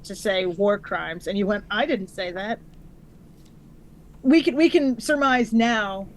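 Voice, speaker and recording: Casting note: woman at the game table, slow, joking delivery, faint hiss behind her. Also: mid-range voice, low-quality recording. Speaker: player. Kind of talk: casual chat at a game table.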